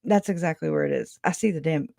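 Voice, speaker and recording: A woman's voice: sits low, fast talker, gravelly, warm tone, no echo, clean studio sound. A woman hosting a call-in show, chatting casually, rambling and laughing often, trailing off mid-thought. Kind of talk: casual chat. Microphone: video call.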